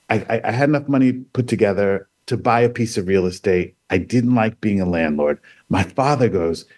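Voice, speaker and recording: Animated male storyteller on a radio show. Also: fairly low pitch. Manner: animated storyteller, acts out quoted voices. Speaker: guest.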